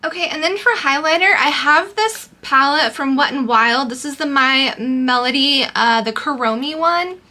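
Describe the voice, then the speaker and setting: A woman's voice: high-pitched, lively intonation, normal speed, hardly any pauses, sharp tone. A young woman chatting casually through a makeup tutorial, loose and full of fillers. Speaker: beauty vlogger.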